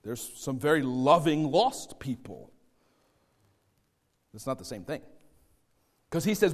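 A man preaching a sermon, swinging between loud stressed phrases and quiet asides. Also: mid-range voice, expressive, moderate pace, long pauses, big-room sound. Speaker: pastor.

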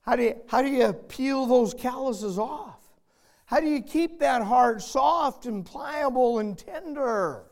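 An older man preaching a sermon as a pastor, telling a family story and swinging from emphatic loud lines to hushed ones. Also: very high voice, lively intonation, takes it slowly.

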